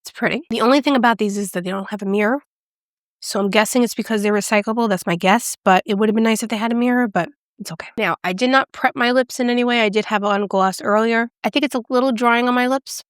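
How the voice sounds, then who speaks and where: A woman's voice: on the high side, fast, no room sound. Bubbly woman reviewing makeup, dry sound. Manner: bubbly, gushing, excitable; drops to a whisper when excited. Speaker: beauty vlogger. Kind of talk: casual product review and demo.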